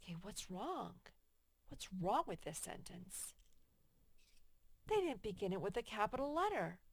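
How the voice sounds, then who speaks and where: A woman teaching a first grade worksheet lesson to young children, patient and slow, reading example sentences aloud with emphasis. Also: mid-range voice, big pitch swings, vocal fry, slightly rough, no echo.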